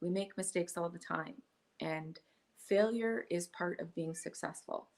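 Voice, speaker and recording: A woman's voice: lowish voice, unhurried, creaky. A middle-aged woman, a guest in a casual interview, talking enthusiastically about her online business and acting out little quoted exchanges. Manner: enthusiastic, animated storytelling with acted-out quotes.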